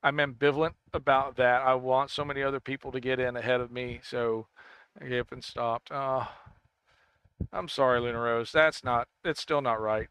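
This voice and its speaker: On a game livestream, a male streamer chats casually, rambling, stammering, correcting himself often and laughing easily. His mid-range voice is fairly bright, clear and resonant, with fairly even intonation at normal speed and no room sound.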